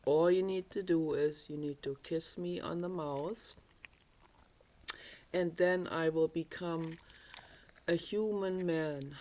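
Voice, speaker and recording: A woman voicing a chatty male toy frog in a told fairy tale, coaxing and slow. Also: low voice, warm tone. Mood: reassuring.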